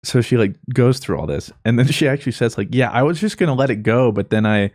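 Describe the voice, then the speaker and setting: A man's voice: mid-range voice, expressive, fast talker, a little mellow, dry recording, clean studio sound. A man hosting a podcast, telling a funny story in casual chat, laughing often and leaning on "like.". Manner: laughing storyteller, lots of "like" fillers. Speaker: podcast host.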